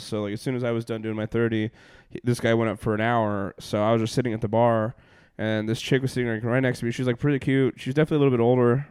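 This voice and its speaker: A man's voice: mid-range voice, darkish tone, clear, resonant tone, no room sound, studio quality. Laid-back young man rambling through stories. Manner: rambling, laughing, full of fillers and swearing. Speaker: comedian and podcast host. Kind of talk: casual storytelling chat.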